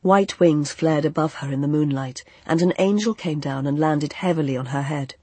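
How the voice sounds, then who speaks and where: Audiobook narrator, soft expressive fantasy reading, mid pitch, dry close sound. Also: normal speed, husky, no echo.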